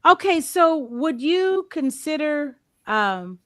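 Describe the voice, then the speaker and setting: A woman's voice: high-pitched, very animated, slow, fairly bright tone, no room sound. A woman hosting a casual interview, chatty and playful, acting out quotes as she talks. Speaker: host.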